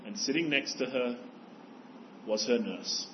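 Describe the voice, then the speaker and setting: An earnest male pastor delivers a sermon in a mid-pitched voice, urging his listeners on with pointed rhetorical questions. The recording is dull and slightly muffled, with faint room ambience behind him. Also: unhurried, a little hiss or hum.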